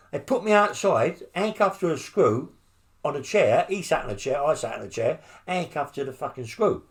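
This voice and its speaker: Older london bloke telling rough prison stories, swears a lot, keeps going "yeah?". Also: male voice, a little high, animated, moderate pace. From England. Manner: blunt, heavy swearing, rambling with tag questions. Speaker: interviewee, former criminal. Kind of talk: storytelling interview.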